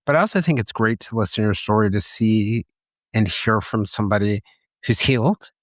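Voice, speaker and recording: Male podcast host, lowish voice, reflective, explains stuff, dry sound. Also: expressive, fairly quick, no echo. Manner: thoughtful, explains concepts at length. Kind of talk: reflective interview talk.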